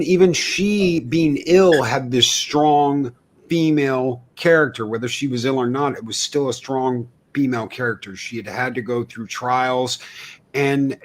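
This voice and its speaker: A man's voice: medium pitch, unhurried. Guy on a fan podcast, earnest, lots of ums. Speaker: podcast co-host. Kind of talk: casual podcast chat.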